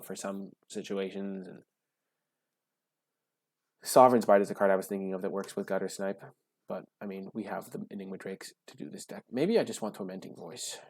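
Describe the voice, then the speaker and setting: A man giving casual gameplay commentary while drafting cards, gushing and breaking into high excited shouts. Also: dry recording. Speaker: card game drafting streamer.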